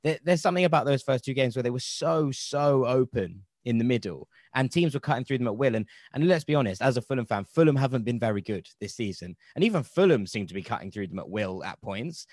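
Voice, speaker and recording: A man's voice: medium pitch, expressive, fast, few pauses, darkish tone, no room sound, studio quality. A man hosting a casual football podcast, rambling and wry, correcting himself as he goes. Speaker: podcast host.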